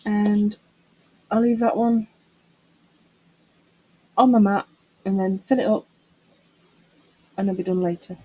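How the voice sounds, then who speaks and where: A woman's voice: mid-range voice, steady tone, takes it slowly, long pauses, warm tone, breathy edge, poor audio. A middle-aged woman chatting casually to camera while doing a resin craft, muttering to herself and teasing herself about her mess. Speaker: craft vlogger.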